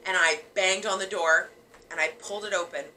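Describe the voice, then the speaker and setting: A woman's voice: lowish voice, brisk, slight background noise, low-quality recording. A young woman casually telling friends about a scary ghost experience, acting out the quotes with lots of fillers. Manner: animated, acts out quotes, many fillers. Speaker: storyteller sharing a ghost experience. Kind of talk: casual storytelling among friends.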